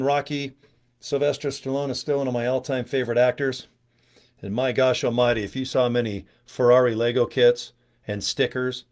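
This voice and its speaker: Rambling man on a livestream. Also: medium pitch. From United States. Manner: chatty, digressive, joking. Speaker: network marketing trainer. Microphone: webcam or phone on a live stream.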